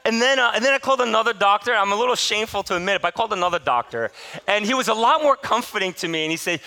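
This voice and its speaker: Lively, bright-voiced male pastor. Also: high-pitched, racing. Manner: candid, self-deprecating storyteller. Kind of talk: sermon with personal storytelling.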